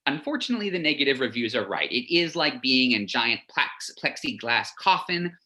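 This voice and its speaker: A man's voice: medium pitch, sing-song, bright, forceful tone. A man playing a gushing, lovesick son. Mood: nervous. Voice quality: gushing, rambling, quick to confess. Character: lovesick, lonely, chatty young man in lockdown. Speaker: son leaving a video message for his mother. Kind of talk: theatrical monologue.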